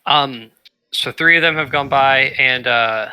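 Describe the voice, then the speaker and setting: Bright-voiced laid-back game master. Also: male voice, mid-range voice, measured pace, clean tone, poor audio. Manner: laid-back, hesitant, many fillers and laughs. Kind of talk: running a tabletop game.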